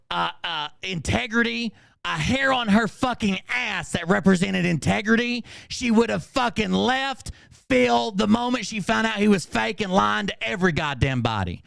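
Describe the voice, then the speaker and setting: A man's voice: sits high, animated, unhurried, gravelly, fairly bright tone, no echo, clean studio sound. A man hosting a livestream, ranting in an angry, combative way and swearing constantly. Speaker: channel host.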